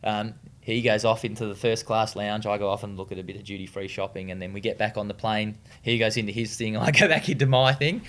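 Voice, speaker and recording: Speaking fast with few pauses, an Australian man in a lowish, slightly bright voice shares stories from his days as a distance runner, now retired. The interview is casual, and he's relaxed about it, cursing freely and often restarting amid plenty of fillers.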